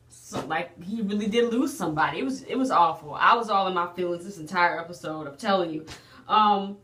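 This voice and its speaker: A woman's voice: mid-range voice, fairly bright tone, reverberant. A woman casually recapping a drama episode, chatty and emotional with lots of fillers and restarts. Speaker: drama reviewer.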